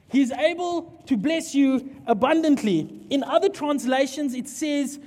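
A man preaching a sermon and telling a story, acting out dialogue in an animated way. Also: extremely high pitch, unhurried, few pauses. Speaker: pastor. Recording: long hall reverb.

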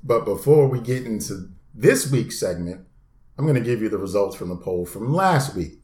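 A man's voice: on the low side, animated, normal speed, darkish tone. A man co-hosting a podcast, steadily running the segments in casual chat. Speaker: podcast co-host. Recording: roomy podcast recording.

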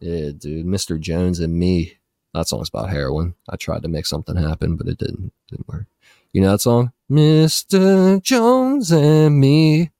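A man's voice: low-pitched, normal speed, creaky, dark tone, no echo, studio quality. A man co-hosting a podcast in casual banter, laid-back, swearing often and saying dude constantly. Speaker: podcast co-host.

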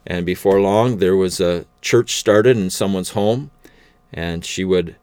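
Deep-voiced man telling a faith story. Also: darkish tone, clear, resonant tone, no room sound. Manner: unhurried, conversational storytelling with fillers. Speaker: preacher telling a testimony. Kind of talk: personal faith testimony.

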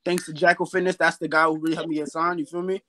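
A young man with a high voice chats casually about boxing, rambling and dropping fillers. Faint noise sits under the recording. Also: fast talker, poor audio. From New York. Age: young adult. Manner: relaxed, rambling, fillers like "you feel me". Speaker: boxer guest. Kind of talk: casual interview chat.

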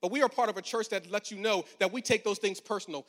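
A man in his forties preaches to his congregation with a high, bright voice that carries. His manner is conversational and humorous, and it swells into emphatic proclamations. The sound rings with a long reverb from a large church auditorium. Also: fast talker, few pauses. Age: 40s. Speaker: pastor. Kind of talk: storytelling sermon.

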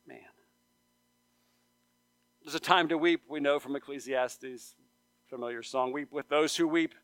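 A male pastor preaching a sermon in church, earnest, repeating phrases for emphasis and rising to loud appeals. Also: medium pitch, unhurried, no echo. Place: church sanctuary.

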